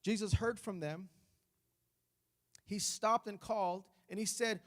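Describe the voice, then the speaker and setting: A male pastor giving a sermon in a church, preaching with passion that grows loud on repeated phrases. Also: high voice, steady tone, a little slow.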